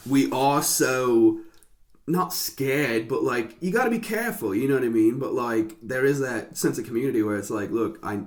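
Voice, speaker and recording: A man's voice: medium pitch, lively intonation, normal speed. Profane, rambling man telling stories. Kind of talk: casual chat.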